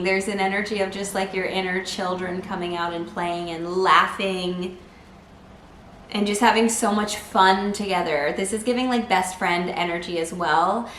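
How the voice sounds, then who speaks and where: A woman giving a casual tarot reading to camera, chatty and full of "like", breaking into excited bursts now and then. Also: medium pitch, moderate pace, slight background noise. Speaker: tarot reader. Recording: echoey room.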